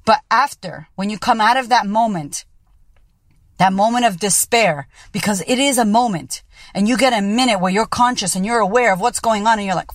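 A woman's voice: medium pitch, moderate pace, no room sound, clean studio sound. A woman podcast host and coach giving a blunt, profane motivational monologue. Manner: blunt and profane, keeps it real.

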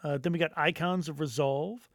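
A man's voice: on the high side, fairly even intonation, moderate pace, no echo. A man co-hosting a casual podcast, joking and enthusiastic, with lots of "like" in his speech. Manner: joking, enthusiastic, says "like" often. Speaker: podcast co-host.

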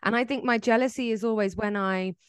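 Chatty woman telling animated stories. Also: on the high side, fairly quick, smooth, no echo. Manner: animated storyteller, acts out quoted dialogue. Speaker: podcast co-host. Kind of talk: casual chat.

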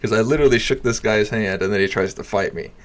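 A young man casually telling a story, swearing freely, laughing often and dropping into low mutters. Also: fast talker.

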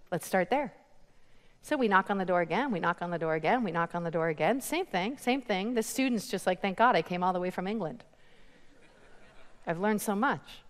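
A woman preaching a sermon, telling a story with animated quoted voices and laughter between lines. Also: a little high, long reverb tail.

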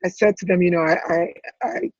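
Husky-voiced woman telling a painful story. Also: on the low side, sing-song, darkish tone, no room sound, muffled recording. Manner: halting, many restarts and repeated words. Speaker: interview guest. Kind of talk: emotional personal storytelling.

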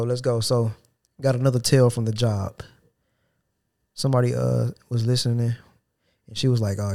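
Animated man telling a work story. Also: medium pitch. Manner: animated storytelling with voiced quotes. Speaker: podcast co-host. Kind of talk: casual storytelling chat.

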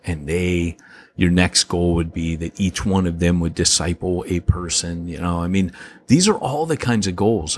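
A man's voice: deep voice, a little hiss or hum. A man co-hosting a casual podcast, rambling through points and acting out quotes with lots of laughs. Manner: animated storyteller, acts out quotes, laughs often; rambling, many restarts and fillers. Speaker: podcast co-host.

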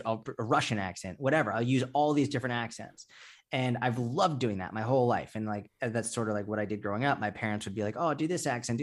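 Candid, swearing man. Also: lowish voice. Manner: candid, swears freely, rambling. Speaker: fitness content creator, guest. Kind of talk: casual interview talk.

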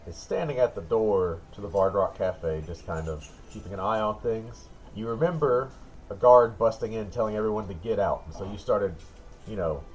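Low-voiced man running a tabletop game. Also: muffled recording, slight background noise. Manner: relaxed, descriptive. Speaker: dungeon master.

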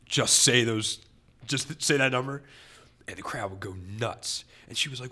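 A man hosting a podcast in casual chat, talking in animated, rambling, emphatic runs. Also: mid-range voice, normal speed. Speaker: podcast host.

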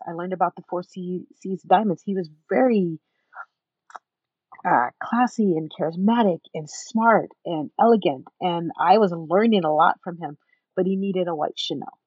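A woman's voice: lowish voice, slightly rough, dry recording, highs cut off. A woman guest in an interview, telling her own story emphatically and acting out what others said to her. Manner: emphatic, animated, acts out other people's words.

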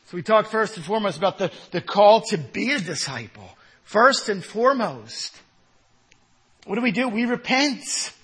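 A male pastor preaching a sermon, emphatic, with repeated rhetorical questions and loud one-word commands. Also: high-pitched, very animated, moderate pace, breathy edge.

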